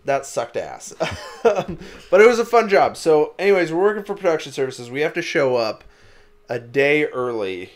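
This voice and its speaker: A man's voice: on the high side, sing-song, moderate pace. A young man from Wisconsin, co-hosting a podcast and telling stories in casual chat, rambling with lots of "like" and swearing. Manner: rambling storyteller, lots of "like" and cursing. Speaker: podcast co-host.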